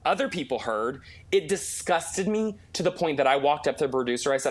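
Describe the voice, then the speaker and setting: A man's voice: a little high, normal speed, few pauses. A man, a makeup artist, telling a gossipy story in a casual interview, full of restarts and swearing. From Los Angeles. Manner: animated, profane, gossipy storytelling with many restarts. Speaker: guest, celebrity makeup artist.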